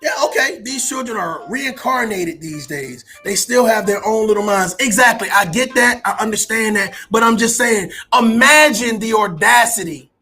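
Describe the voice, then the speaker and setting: High bright husky guy going off on a rant, cussing, music faint underneath. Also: moderate pace, hardly any pauses. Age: adult parent. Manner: profane, incredulous, shouting bursts. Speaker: online commentator. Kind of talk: ranting to a live audience.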